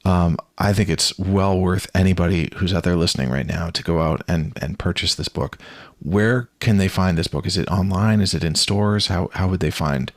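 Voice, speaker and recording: Deep gravelly-voiced man host. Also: normal speed, dry recording, studio quality. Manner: earnest, warm-hearted, repeats words. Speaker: podcast host. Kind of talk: podcast interview.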